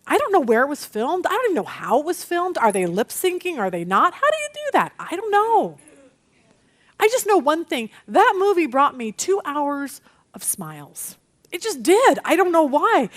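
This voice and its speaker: A middle-aged woman teaching a women's Bible study, chatty and animated, telling stories against herself. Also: very high voice. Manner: animated, chatty, self-deprecating storytelling.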